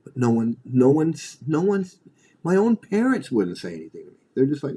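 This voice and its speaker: A man's voice: mid-range voice, wildly swooping pitch, moderate pace, mellow. A middle-aged man hosting a livestream, ranting bluntly and profanely, often repeating and restarting his phrases. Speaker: livestream host.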